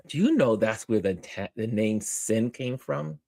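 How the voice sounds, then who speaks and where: A man hosting a live-stream, greeting viewers by name and reading their comments aloud in an upbeat, animated way. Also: on the low side, a little slow, creaky, dry recording. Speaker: host.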